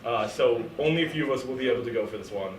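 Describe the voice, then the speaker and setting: A young man hosting improv games, loud and excitable, often breaking into shouting. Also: medium pitch, racing. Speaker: improv game host. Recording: echoey room, mic at a distance, faint noise.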